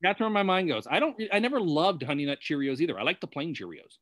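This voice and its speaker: A man's voice: a little high, big pitch swings, fast, fairly bright tone, dry recording, clean studio sound. A man co-hosting a casual chat, hedging a lot with "like" and "sort of". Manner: hesitant, lots of "like" and "sort of". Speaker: co-host.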